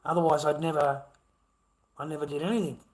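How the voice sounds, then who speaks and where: Rambling Australian man, slightly high voice. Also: fairly even intonation, brisk, poor audio. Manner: rambling, repetitive, heavy swearing. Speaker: vlogger. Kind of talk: rambling monologue to camera.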